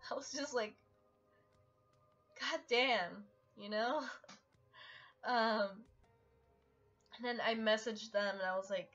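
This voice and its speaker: A young adult woman telling a personal story in a casual storytime vlog, halting and full of fillers. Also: fairly high pitch, fairly bright tone. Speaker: art vlogger. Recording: dull lo-fi audio with faint music.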